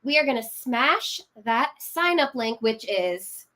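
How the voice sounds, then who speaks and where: A woman's voice: fairly high pitch, animated, slow, bright, forceful tone. A woman co-hosting a livestream with playful, giggly banter. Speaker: livestream co-host.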